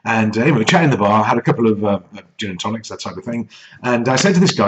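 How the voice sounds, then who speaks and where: A man's voice: lowish voice, animated, very fast. A middle-aged English man telling a rambling, self-deprecating anecdote as a business coach. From England. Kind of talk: casual anecdote. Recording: slightly dull lo-fi audio with faint noise.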